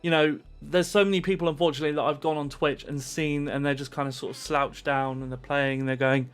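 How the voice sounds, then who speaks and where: A man giving streaming advice straight to camera with pumped-up, animated energy. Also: fairly high pitch, quick pace, clear, resonant tone, faint music behind.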